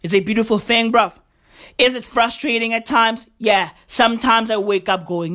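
A woman's voice: fairly high pitch, moderate pace, fairly bright tone. Swaggering woman, swearing freely. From South Africa. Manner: boastful, profane, keeps repeating "bruv" and "I got you". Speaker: vlogger. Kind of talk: casual monologue to camera.

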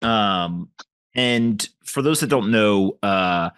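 A man hosts an interview podcast, casually asking questions and retelling anecdotes full of fillers. His voice sits on the low side and is clear, resonant and a bit bright, and he speaks extremely slowly. The recording is dry, with clean studio sound.

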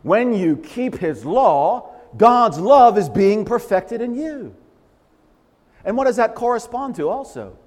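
A man preaching a sermon in an emphatic, animated way, repeating phrases for stress. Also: sits high, slow pace. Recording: long hall reverb.

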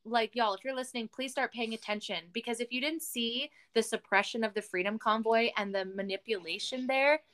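A Canadian woman hosting a podcast, chatting casually in an animated, ranting way and swearing often. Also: a little high, a little fast, few pauses. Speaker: podcast host.

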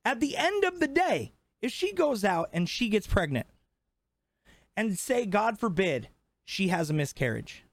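Young man, high-pitched, dry close sound, heated profane rant, podcast co-host. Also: sing-song, a little slow, no echo. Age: 20s. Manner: profane, fired up, emphatic.

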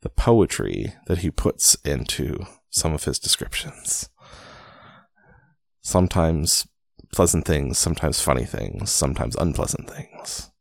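A man's voice: a bass voice, very animated, vocal fry, breathy edge, no room sound. A man reading a book aloud and breaking off for wry, self-deprecating comments, with fillers and restarts as he goes. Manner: wry, self-deprecating asides between read passages; reads slowly with frequent fillers and restarts. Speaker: reader and commentator.

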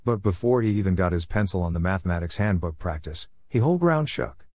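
Storyteller, male, low register, earnest read-aloud, dry booth sound. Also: expressive, a little fast, darkish tone, no echo. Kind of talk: reading his own story aloud.

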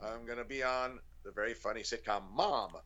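A man's voice: mid-range voice, fairly even intonation, a little fast, a bit bright, lo-fi sound. A man, a comedian guest on a podcast, riffing playfully in casual banter. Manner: playful, riffs on comic ideas.

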